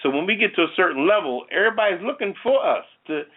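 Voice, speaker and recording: A man's voice: sits high, expressive, fast talker. A man hosting a talk show, rambling in casual chat full of "you know". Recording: tinny phone-like sound.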